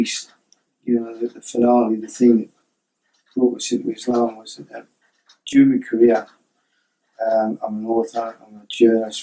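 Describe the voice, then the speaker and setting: Middle-aged male author, gravelly and low-toned, loose conversational storyteller. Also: warm tone, low-quality recording. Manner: rambling, conversational, full of "you know" and "right?". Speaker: author and journalist. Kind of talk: personal storytelling.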